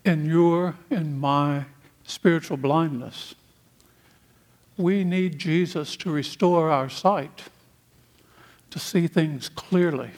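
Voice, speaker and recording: A man from the United States preaching a sermon, speaking in slow, deliberate phrases with long pauses. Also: fairly high pitch.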